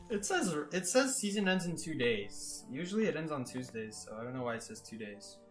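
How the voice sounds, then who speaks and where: A man streaming a game and chatting casually with viewers, rambling, correcting himself and laughing often. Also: on the high side. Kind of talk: casual live-stream chat.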